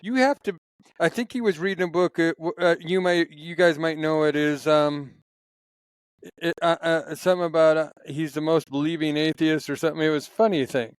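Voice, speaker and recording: A man's voice: a little high, steady tone, normal speed, clear, resonant tone, no room sound, low-quality recording. A man in casual conversation, telling stories in a rambling, passionate way, with many restarts. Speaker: podcast guest.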